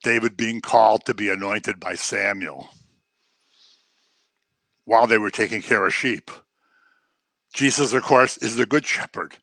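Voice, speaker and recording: A man preaching a sermon in an animated way, acting out the voices he quotes. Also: on the low side, a little slow, vocal fry, long pauses, no room sound.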